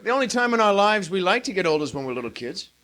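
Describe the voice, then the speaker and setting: A man in his thirties performing a live stand-up routine, with an animated, exaggerated delivery and acted-out quotes. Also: high-pitched, fast. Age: 30s. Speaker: stand-up comedian. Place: comedy club stage with audience. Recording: hissy early-1980s live club recording.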